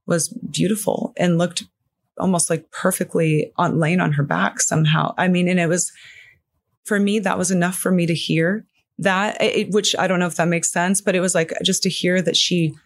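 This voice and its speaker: A middle-aged woman talking as a podcast guest, in a halting way full of "you know" fillers. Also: fairly low pitch, fairly even intonation. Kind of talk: conversational interview.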